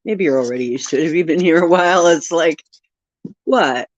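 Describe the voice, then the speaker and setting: A woman with a deep voice hosts a casual live stream, reading oracle cards aloud playfully and laughing at herself. She reads the card texts slowly, and the dull lo-fi recording has no room sound.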